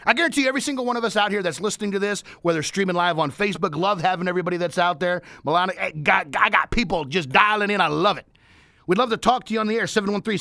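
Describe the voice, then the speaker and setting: A man hosting a talk radio show, delivering an energetic, repetitive motivational monologue from the studio. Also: high voice, no room sound. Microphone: studio microphone.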